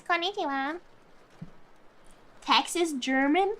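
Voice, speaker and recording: A young woman streaming late at night, chatting casually with viewers, tired but giggly and animated. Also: high-pitched, measured pace, slight background noise. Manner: giggly, animated, often laughs.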